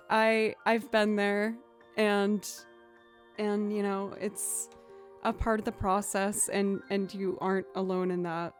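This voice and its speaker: A woman's voice: medium pitch, flat delivery, takes it slowly, faint music behind. A young woman chatting casually on a live stream, self-deprecating and encouraging as she talks viewers through her practice. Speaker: musician streamer.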